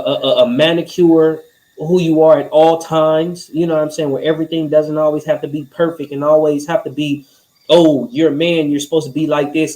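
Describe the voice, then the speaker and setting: A man's voice: a little high, warm tone, low-quality recording. A man co-hosting a relationship podcast, talking in a loose, rambling way and often saying "you know what I'm saying.". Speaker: podcast co-host. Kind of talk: casual chat.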